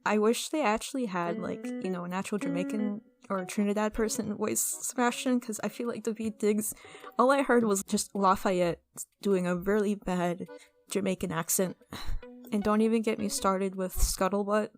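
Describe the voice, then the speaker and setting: A young woman talking casually and excitably as she vlogs over a speedpaint, rambling with restarts and asides. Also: mid-range voice, normal speed, faint music behind. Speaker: artist vlogger.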